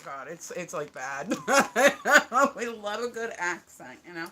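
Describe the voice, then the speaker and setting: An American woman with a New Jersey accent rambles casually on a livestream, laughing a lot and swearing offhandedly. Her voice is lowish, gravelly and sharp in tone, picked up on a phone mic with a little hiss or hum.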